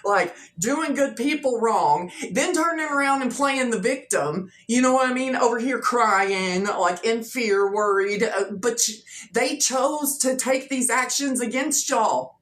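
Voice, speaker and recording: Fairly high-pitched and bright, a woman's unhurried voice carries a relaxed tarot reading for her viewers. Her talk is loose and chatty with many fillers and repeats, and the room sounds echoey with a little noise.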